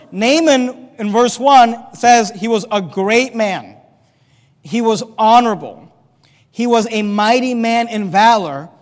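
A man preaching a sermon in a church, reading scripture aloud and acting out the characters with animated emphasis. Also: high voice, long reverb tail. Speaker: pastor.

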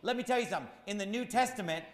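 A man's voice: high-pitched, very fast, reverberant, big-room sound. A man preaching a sermon as pastor, firing rhetorical questions in a repetitive, emphatic cadence.

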